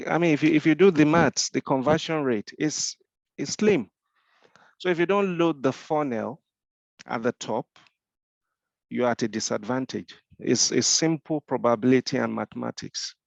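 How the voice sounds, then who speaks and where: A Nigerian-accented man acts as a mentor in a Q&A discussion, explaining things step by step, posing rhetorical questions and frequently restarting his sentences. His medium-pitched voice is gravelly with vocal fry. The sound is dull, lo-fi, dry and close.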